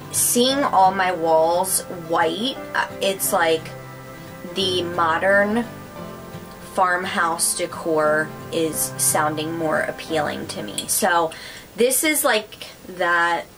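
A woman craft vlogger talks casually to camera in a haul video, gushing over craft and decor finds with lots of fillers. Her voice is fairly low, and the audio quality is poor.

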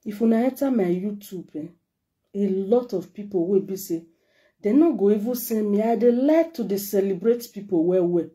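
With a warm tone, medium pitch and moderate pace, a middle-aged Nigerian-accented woman speaks to her followers. Her vlog is an emotional, heartfelt message delivered directly to the camera.

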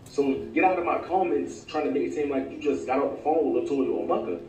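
A man's voice: medium pitch, fast talker, a little mellow. A man giving dismissive, sarcastic casual commentary. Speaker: YouTube commentator in a played clip. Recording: distant, echoey, faint hiss.

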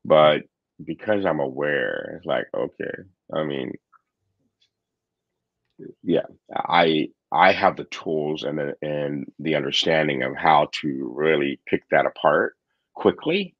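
Deep-voiced man musing, dull dry call audio. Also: lively intonation, slow pace, no echo. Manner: candid, thoughtful, frequent fillers and restarts. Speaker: podcast host and coach. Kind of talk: reflective conversational chat. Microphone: remote call microphone.

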